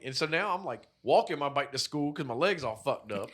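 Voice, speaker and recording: With quick pacing and few pauses, a man on the high side of the pitch range co-hosts a podcast, spinning an animated, profane story and acting out the quoted people in it.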